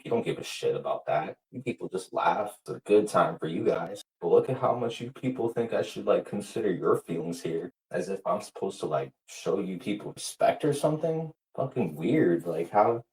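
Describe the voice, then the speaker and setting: Profane, furious low-voiced man. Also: a little mellow, poor audio. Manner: heated, profane, repetitive. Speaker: livestreamer. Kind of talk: angry livestream rant.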